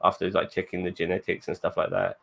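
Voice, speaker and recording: A man with a very deep voice and a gravelly, fry-heavy edge recaps a show in a loose, rambling way. He keeps stopping and restarting between uhs and ums. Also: big pitch swings, fast, a bit bright. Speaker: podcast co-host recapping the episode. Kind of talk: casual chat.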